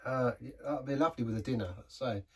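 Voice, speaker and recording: Husky man reviewing beer. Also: mid-range voice, darkish tone, far from the mic. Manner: rambling, halting restarts. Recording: voice set back from the mic.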